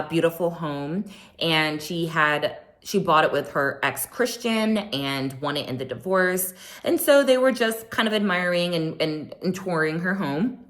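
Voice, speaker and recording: A chatty woman talks to her viewers in a casual recap of a reality show. Her voice sits a little low for a woman, and she speaks close to the mic. She is sassy and acts out the quotes as she goes. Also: a bit bright.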